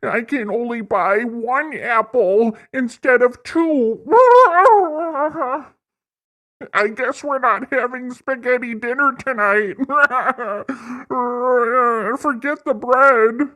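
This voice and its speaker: Parody bit: a man playing a shrill, whimpering, self-pitying crybaby fretting over costs. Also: extremely slow, bright, forceful tone, exaggerated voice. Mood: whining. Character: whiny panicking adult man complaining about prices.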